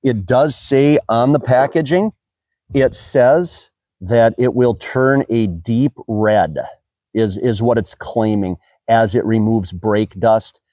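A man's voice: medium pitch, takes it slowly, darkish tone, no echo. An American man talking casually in a product review vlog, chatty and rambling with frequent fillers. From United States. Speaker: car detailing YouTuber.

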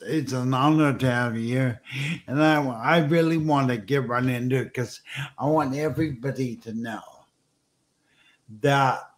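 A man hosts a casual livestream show, his voice emotional and a little shaky. He speaks slowly and often stops to restart his words. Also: mid-range voice. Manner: emotional, halting, repeats words. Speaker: show host.

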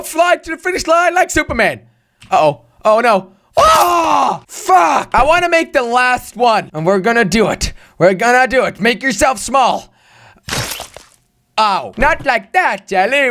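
Talking to himself while he plays, a young man running a gaming channel shouts and swears at the game in excitable let's-play commentary. His voice is high.

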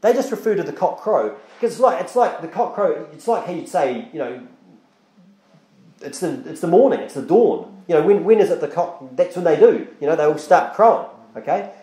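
Lively, high-voiced preacher in an echoey hall. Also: male voice, brisk, hardly any pauses. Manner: conversational preaching with many restarts and quoted dialogue. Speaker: pastor. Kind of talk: sermon. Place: church.

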